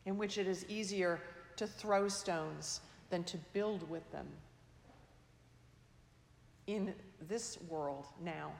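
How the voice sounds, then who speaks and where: A woman preaching a sermon in a slow, measured, reflective way, her phrase endings trailing off softly. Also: mid-range voice, slight background noise. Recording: echoey hall, long reverb.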